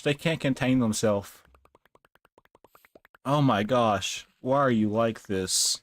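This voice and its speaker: A man's voice: mid-range voice, slow pace, pauses often. Young man streaming, casual and laughing. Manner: casual, laughs a lot, talks to game characters. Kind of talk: live game commentary.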